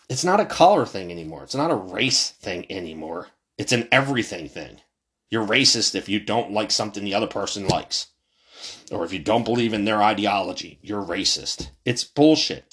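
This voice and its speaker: A man from the United States delivering a heated political rant, passionate and profane, his voice jumping high and then dropping low. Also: expressive, moderate pace, fairly bright tone. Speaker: commentator.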